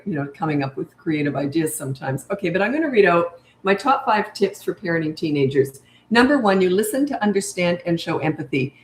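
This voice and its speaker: Blunt firm woman, parenting coach, low-ish voice, live Q&A, roomy echo, faint hiss. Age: older. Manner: blunt, firm, repetitive phrasing. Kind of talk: live-stream Q&A.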